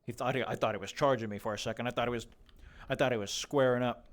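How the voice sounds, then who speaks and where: A man's voice: medium pitch, steady tone, fast. A young man streaming a game in casual, rambling chatter, joking and talking to animals, his voice a little worn. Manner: rambling, jokey, talks to animals in a mock interviewer voice. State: slightly losing his voice.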